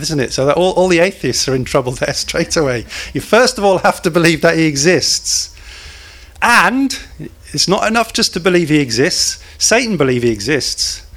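A man's voice: on the high side, fairly bright tone. A man preaching a sermon in a church, talking conversationally, putting questions to the congregation and cracking small jokes.

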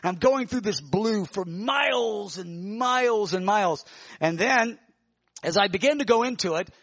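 A man preaching, telling a vision in an animated, emotional way with many restarts. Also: high voice, normal speed, no room sound, lo-fi sound. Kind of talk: sermon testimony, telling a vision.

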